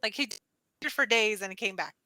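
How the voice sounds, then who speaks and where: A woman's voice: fairly quick, no room sound, rough recording. A woman tutoring English over a video call, telling stories in casual chat, leaning on "like" and acting out quotes in squeals. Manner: animated storyteller, acts out quotes in high squeals; heavy use of "like" as filler. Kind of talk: casual conversation lesson.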